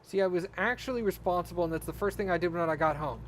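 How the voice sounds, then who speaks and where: A man's voice: high-pitched, fast talker, slight background noise. A man streaming a game, chatting casually and laughing his way through a story. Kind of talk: casual chat while gaming.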